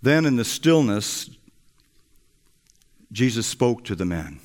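A man preaching a sermon and retelling a story in a slow, storytelling delivery. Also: mid-range voice, big pitch swings. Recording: echoey hall.

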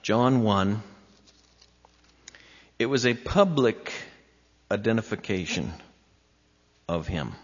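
A man preaching an expository sermon, with emphatic, drawn-out phrasing and sudden rises in pitch. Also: expressive. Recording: dull lo-fi recording in a reverberant hall.

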